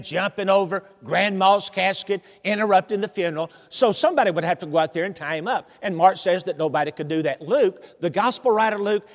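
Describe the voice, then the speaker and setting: High-voiced preacher in a reverberant hall. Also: male voice. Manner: animated, humorous, asks the congregation questions. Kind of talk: sermon storytelling.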